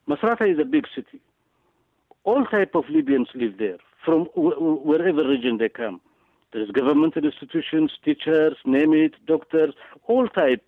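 A man's voice: fairly high pitch, no room sound. Emphatic man over a tinny radio line. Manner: halting, repetitive, emphatic delivery with many fillers. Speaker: guest speaker. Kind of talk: political talk.

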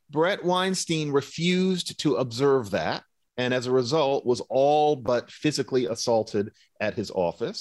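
A man's voice: medium pitch, no room sound, studio quality. A man who is a linguistics professor, a guest on a radio show, answering in articulate, analytical, long connected sentences.

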